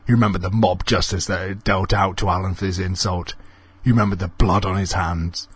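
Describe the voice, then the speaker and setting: A man narrating a comic ghost story in a deadpan, mock-dramatic way. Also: low voice, a little fast, breathy edge, dry recording.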